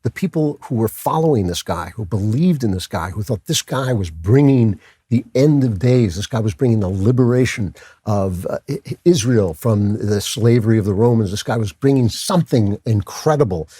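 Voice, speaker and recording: Older male host, low husky voice, dry close sound, chatty commentary delivery. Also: animated, moderate pace, dark tone, no echo. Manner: conversational, with frequent restarts and asides. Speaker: podcast host. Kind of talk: casual commentary.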